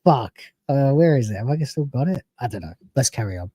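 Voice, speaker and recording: A man's voice: medium pitch, animated, brisk, dark tone, breathy edge, dry recording. A man hosting a live stream, reacting to a video with profane, ranting commentary and frequent laughter.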